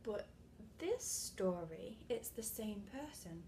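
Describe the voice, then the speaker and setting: A young woman giving a read-aloud literacy lesson to small children, explaining slowly and patiently and checking in with "okay?" as she goes. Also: mid-range voice, sing-song, mellow, slight background noise. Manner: claps and calls out syllables, some words half-whispered. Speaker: reading teacher.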